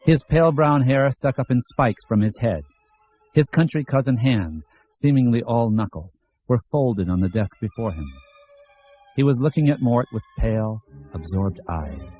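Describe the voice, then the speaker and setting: A man reading an audiobook in a measured storytelling style. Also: medium pitch, lively intonation, faint music behind. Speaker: audiobook narrator. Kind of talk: scripted narration. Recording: dull lo-fi audio.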